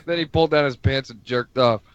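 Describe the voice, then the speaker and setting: A man's voice: medium pitch, fairly quick, smooth, dry recording, dull audio. A man making crude wisecracks and laughing in casual chat.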